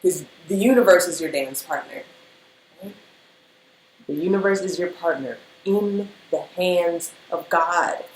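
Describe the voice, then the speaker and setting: A woman's voice: lowish voice, a little slow. Woman, spiritual reader, casual and emotional motivational talk; echoey room with faint noise. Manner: emotional, animated, speaks in rhythm with many fillers.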